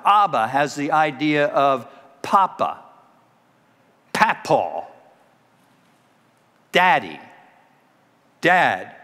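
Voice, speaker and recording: A man preaching a sermon as the church's pastor, now and then breaking into loud dramatic cries when he acts out a scripture scene. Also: medium pitch. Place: church sanctuary. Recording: long reverb of a church hall.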